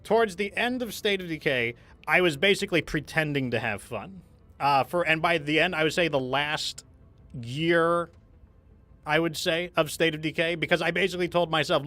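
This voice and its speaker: A man's voice: a little high, moderate pace, pushed and bright. A man hosting a gaming stream, telling a candid story in a rambling, casual way with frequent restarts.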